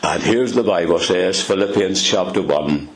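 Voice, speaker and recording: An older man preaching a sermon, telling stories and stressing words with big rises and low drops. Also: normal speed, low-quality recording.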